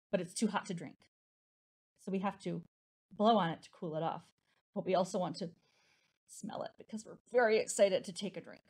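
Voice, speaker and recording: Sing-song woman leading preschool storytime. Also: medium pitch. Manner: sing-song, encouraging, slow and exaggerated for small children. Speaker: children's librarian.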